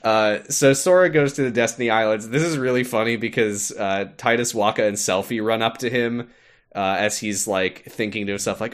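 A man's voice: fairly low pitch, moderate pace. A man co-hosting a podcast, retelling a game in casual, playful chat. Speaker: podcast co-host.

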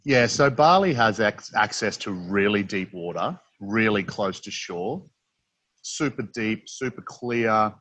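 A man's voice: on the low side, animated, measured pace, fairly bright tone, no room sound. A man with an Australian accent, a freediving instructor, chatting casually as an interview guest and rambling through his stories with many fillers and restarts.

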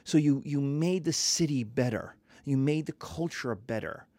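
A man lecturing on history in a lively, conversational way, sometimes acting out little voices. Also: mid-range voice, a little slow, dry recording.

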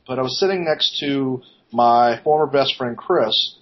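A man co-hosting a podcast, telling a story in a casual, animated way, laughing and swearing as he goes. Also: medium pitch, a little slow. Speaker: podcast co-host. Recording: dull lo-fi podcast recording.

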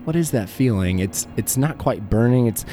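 A man's voice: medium pitch, animated, moderate pace, mellow, faint music behind. A man narrating a tabletop horror game as game master, with vivid, playful description.

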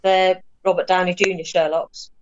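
A woman's voice: fairly low pitch, little pitch movement, moderate pace. A woman in a casual film chat, chiming in with short remarks and laughing asides. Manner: brief, laughing interjections. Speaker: guest. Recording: dull lo-fi sound.

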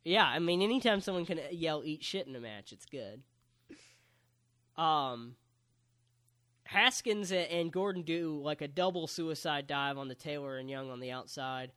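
Joking man, higher voice. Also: lively intonation, moderate pace, fairly bright tone. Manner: joking, play-by-play recap. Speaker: podcast co-host recapping wrestling. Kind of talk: casual chat.

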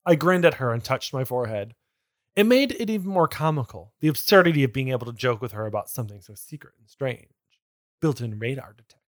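A man's voice: mid-range voice, lively intonation, dry recording, clean studio sound. Sardonic man co-hosting a podcast. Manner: sardonic, quick to laugh. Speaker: podcast co-host. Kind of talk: comedic book reading and banter.

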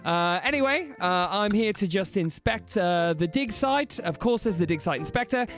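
A man's voice: high-pitched, animated, moderate pace, a bit bright, faint music behind. A man voicing a bluffing fake dig-site inspector with an Australian accent, breezy and condescending. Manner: breezy, condescending, calls others son.

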